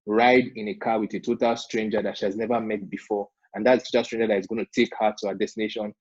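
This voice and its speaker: Husky man coaching entrepreneurs. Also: fairly low pitch, level tone, fast, no room sound. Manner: emphatic, repeats points, checks in with "all right?". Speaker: business funding coach. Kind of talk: seminar talk to entrepreneurs. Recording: dull lo-fi sound.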